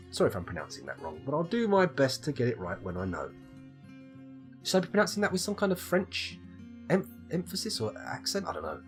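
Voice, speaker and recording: Self-mocking streamer with a lively voice. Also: male voice, mid-range voice. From United Kingdom. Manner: rambling, self-mocking, chatty with viewers. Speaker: live streamer. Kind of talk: live gameplay commentary.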